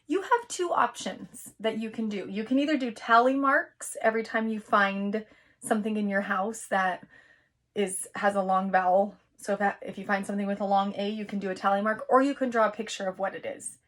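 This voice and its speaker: A woman teacher giving a recorded lesson to young children, patient and encouraging, sounding out words slowly. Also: mid-range voice, a bit bright.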